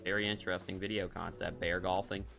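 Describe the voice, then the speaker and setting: A man's voice: sits low, flat delivery, quick pace, creaky, pushed and bright. A man streaming a hunting game, giving casual, rambling commentary and cracking jokes as he thinks aloud.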